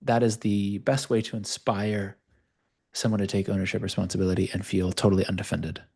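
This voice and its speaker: A man hosting a live video call session, calmly coaching a participant and talking openly about his own past. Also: fairly low pitch, brisk, slightly rough. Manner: calm, reflective, speaks of own past openly.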